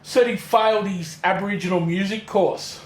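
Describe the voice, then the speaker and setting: A man's voice: sits high, fairly even intonation, normal speed. An Australian man co-hosting a podcast in laid-back casual chat, swearing freely and telling rambling jokes. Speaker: podcast co-host. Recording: echoey room with faint noise.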